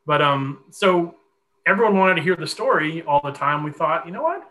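Chatty man with a bright voice. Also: a little high, normal speed, a little hiss or hum, poor audio. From Connecticut. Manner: animated, chatty storyteller with many fillers. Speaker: guest. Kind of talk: storytelling in a podcast conversation.

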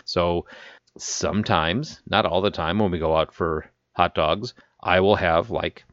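A man from the Chicago area spins a story on a casual podcast, laughing and slipping into quoted voices. His voice sits low. The audio is dry and a little dull. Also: unhurried, no room sound. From Chicago area, Illinois. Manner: animated storyteller who laughs and acts out quotes. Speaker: podcast co-host. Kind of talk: casual chat.

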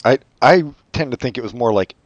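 A man co-hosting a podcast, chatting casually with sardonic, deadpan asides. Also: medium pitch, a little fast, dry recording. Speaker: podcast co-host. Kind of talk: casual chat.

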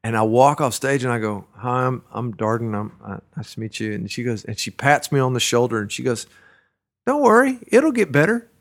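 A man's voice: mid-range voice, fairly even intonation, fairly quick, hardly any pauses. Rambling man telling road stories. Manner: rambling, many fillers and restarts, laughs at his own stories. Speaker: musician recalling his career. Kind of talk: casual storytelling interview.

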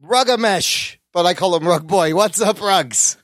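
A man's voice: sits high, normal speed, no room sound. A man hosting a podcast in casual chat, playful and teasing. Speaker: podcast host.

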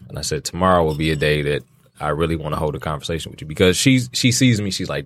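A man's voice: sits low, animated, fast talker. A middle-aged man in a casual chat, talking bluntly and with emphasis, swearing freely while he tells a story.

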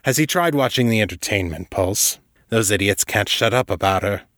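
A man doing a gruff, brusque baron. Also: on the low side, lively intonation, normal speed, fairly bright tone, dry recording, studio quality. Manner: growling, curt. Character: gruff burly middle-aged male baron, brusque.

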